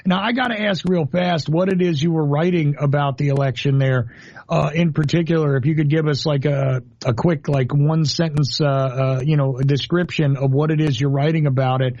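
A man's voice: a little high, fairly even intonation, moderate pace, darkish tone, no room sound, highs cut off. A man hosting a talk radio show, asking probing questions in long run-on sentences.

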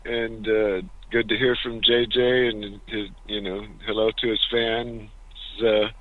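Halting low-voiced caller. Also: male voice, flat delivery, dry recording, phone-quality sound. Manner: halting, stumbles over words. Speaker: podcast caller. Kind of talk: casual call-in podcast chat.

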